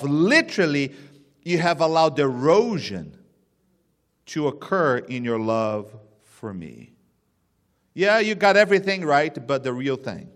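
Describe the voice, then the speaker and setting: A man preaching a sermon, swinging between loud emphatic bursts and hushed, low lines. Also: very animated, measured pace, long pauses. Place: church sanctuary. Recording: long reverb of a church hall.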